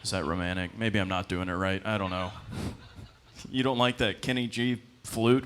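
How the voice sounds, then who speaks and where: Rambling young stand-up comic. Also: male voice, low-pitched, fairly even intonation, moderate pace, a bit bright, slight background noise. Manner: rambling, self-deprecating, with frequent fillers and laughs. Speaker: stand-up comedian. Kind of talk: stand-up comedy set. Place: comedy club stage.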